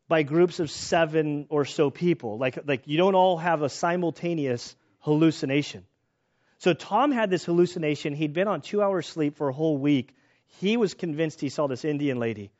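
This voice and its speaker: A middle-aged man gives a sermon as a loose, animated story, circling back and restarting his sentences. His voice sits a little high for a man. The recording is dull and lo-fi. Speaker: pastor.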